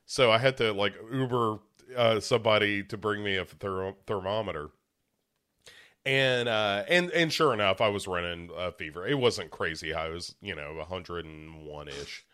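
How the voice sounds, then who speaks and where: Low, bright-voiced man in casual chat. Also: normal speed, clear, resonant tone. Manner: rambling, self-mocking, with many restarts. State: a little congested. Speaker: podcast co-host.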